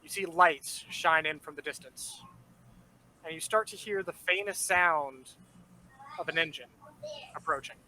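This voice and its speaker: Narrador de rol relajado y brillante, con ruido de fondo. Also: male voice, fairly high pitch, a little slow, long pauses, bright, forceful tone, a little hiss or hum, low-quality recording. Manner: laid-back, rambling narration. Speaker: game master. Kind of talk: narrating a tabletop game.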